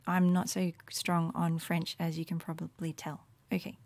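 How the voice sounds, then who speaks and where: A woman giving a casual, rambling screen walkthrough of her Latin study resources, with many fillers and soft murmured asides. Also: on the low side, flat delivery, moderate pace, no echo. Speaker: Latin teacher making resources.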